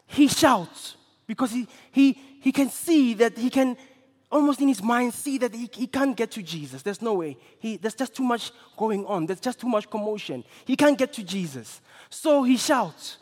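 A man preaching a sermon with impassioned delivery, building to shouts and repeating phrases for effect. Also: very high voice, lively intonation, normal speed. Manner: impassioned, rising to shouts, dramatic repetition. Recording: long reverb of a large hall.

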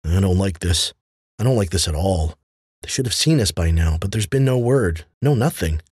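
A scarred woman soldier, hostile and on edge, as a male narrator voices her, clipped and sneering with suspicion. Her lines come slow and heavy, in a husky, low voice that is dry and close. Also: lively intonation, a little mellow, no echo. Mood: tense.

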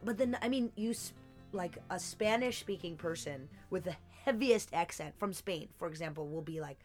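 A woman's voice: fairly low pitch, moderate pace, a little mellow, faint music behind. A young woman joins a podcast as a guest in a basement studio, chatting with enthusiasm and laughing often. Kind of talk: casual chat.

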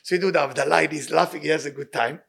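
A man giving an impassioned sermon and telling a story, repeating his key words and speaking loose, halting English. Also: on the high side, gravelly, a bit bright, slightly rough. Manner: loose, halting non-native English grammar. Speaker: rabbi giving weekly inspiration.

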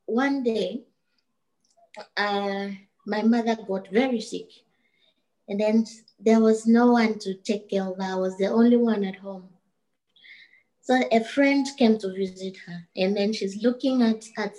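A woman telling her personal testimony, halting and emotional, with frequent restarts. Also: fairly high pitch, mellow, low-quality recording. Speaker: guest sharing her testimony.

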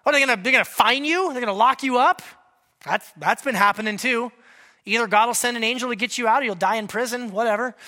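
Talking fast in a very high-pitched, bright and forceful voice, a male pastor gives a sermon. He keeps it lively and conversational, questioning the congregation directly and tossing in jokes along the way.

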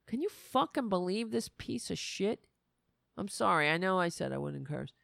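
A woman's voice: on the low side, big pitch swings, moderate pace, vocal fry, fairly bright tone, no echo, clean studio sound. A woman hosting a political talk show, ranting with sarcastic, indignant anger and frequent swearing. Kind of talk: angry political commentary.

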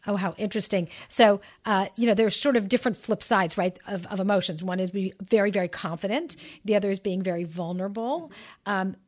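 Woman interviewer, mid-pitched voice, curious, probing follow-ups. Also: fairly quick. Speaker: podcast host. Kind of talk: interview questions.

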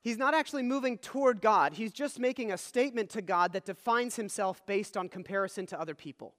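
Man, pastor, sermon, high voice, earnest teaching tone, long hall echo. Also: brisk, a bit bright. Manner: earnest teaching, frequent "all right?" check-ins.

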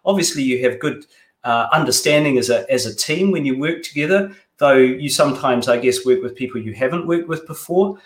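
A man hosting a casual interview, enthusiastic and admiring, pausing with fillers. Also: mid-range voice, expressive. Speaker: interview host. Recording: roomy echo.

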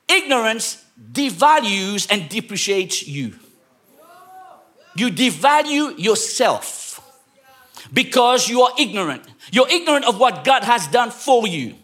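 A man from England preaching a sermon to a congregation, telling a story and then shouting exhortations. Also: very high voice, big pitch swings, slow pace. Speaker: pastor. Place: church.

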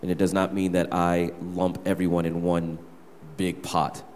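In a reverberant church hall, a young male worship leader candidly shares a personal story with his church gathering. His voice sits low and monotone, with a darkish tone and a moderate pace, and there's slight background noise.

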